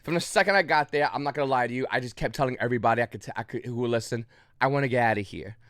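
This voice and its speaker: A man's voice: medium pitch, racing, a bit bright, no room sound, studio quality. A man casually recounting a story to the camera, rambling with restarts and short of breath, with frequent coughs. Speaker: YouTube channel host.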